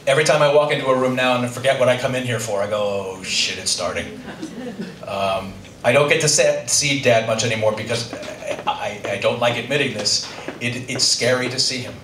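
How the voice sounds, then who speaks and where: A man's voice: mid-range voice, fairly even intonation, fairly quick, fairly bright tone. A middle-aged man telling a personal story live on stage to an audience, with dry, self-deprecating humor. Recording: roomy, distant stage recording with audience noise.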